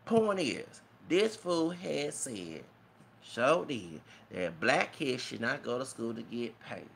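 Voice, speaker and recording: A man's voice: mid-range voice, very animated, slow pace, gravelly, a little hiss or hum. A man giving an emotional, preachy, rambling rant as a vlogger. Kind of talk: impassioned rant to camera.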